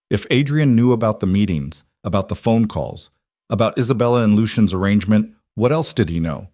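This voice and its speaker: A man narrating a scripted story in an even, steady manner. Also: on the low side, no room sound, clean studio sound.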